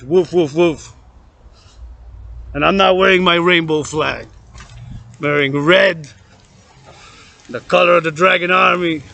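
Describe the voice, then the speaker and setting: A man from Canada giving a loud, profane, rambling rant, chanting and repeating words. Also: fairly high pitch, vocal fry. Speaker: vlogger.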